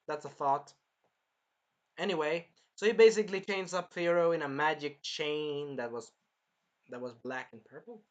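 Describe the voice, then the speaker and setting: A man casually reviewing an anime episode, animated and swearing freely as he acts out the characters' lines. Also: on the high side, a little slow.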